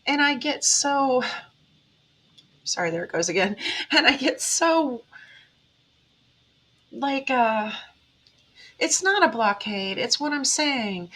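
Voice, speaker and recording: Woman, spiritual vlogger; bright, higher voice; earnest, emotional pep talk. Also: rough recording. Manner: earnest, emotional, talks straight to viewers. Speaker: tarot reader and spiritual vlogger. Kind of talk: heartfelt motivational monologue.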